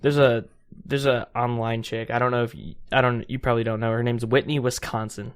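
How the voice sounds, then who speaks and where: A young man co-hosting a casual podcast chat, talking haltingly with many restarts and fillers. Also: mid-range voice, little pitch movement, smooth. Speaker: podcast co-host.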